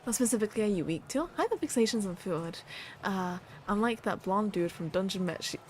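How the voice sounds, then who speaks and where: A woman's voice: medium pitch, animated, brisk, darkish tone, a little hiss or hum. A woman streaming casually, reading viewer submissions aloud and repeating words with a playful laugh.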